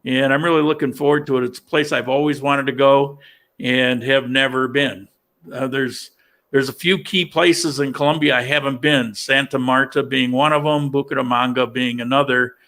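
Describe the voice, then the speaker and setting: A man from upstate New York hosting a casual livestream chat, talking in a halting way with many restarts and fillers. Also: mid-range voice, flat delivery, fairly bright tone. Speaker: livestream host.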